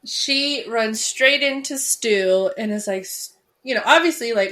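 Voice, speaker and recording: Woman co-host, casual chat, excitable and rambling. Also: fairly high pitch, a little slow. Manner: excitable, laughs easily, rambling. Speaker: podcast co-host. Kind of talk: casual chat about a film.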